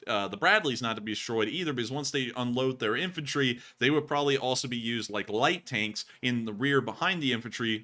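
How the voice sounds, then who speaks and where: A man hosting a livestream, explaining tactics and thanking donors in a relaxed, chatty way. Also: mid-range voice. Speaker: livestream host. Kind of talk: casual stream commentary.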